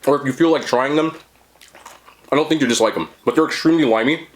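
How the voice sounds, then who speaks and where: A man's voice: a little high, quick pace, slight background noise. A man in his thirties hosting a mukbang, chatting casually to viewers while he eats. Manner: chatty, upbeat, addresses viewers directly. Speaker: mukbang host. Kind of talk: casual chat to camera while eating.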